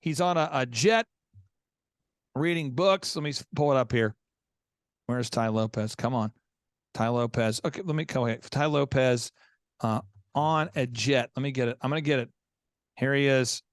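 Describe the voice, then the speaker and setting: A man's voice: mid-range voice, normal speed, pauses often, dry recording, clean studio sound. A man hosting a business coaching show, telling stories in an emphatic way and repeating words as he builds up a point. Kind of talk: animated storytelling.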